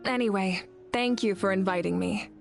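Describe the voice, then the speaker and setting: An actress playing a composed, commanding fire goddess woman in a video game, speaking with calm assurance. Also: medium pitch, normal speed, gravelly, soft background music, close to an everyday voice.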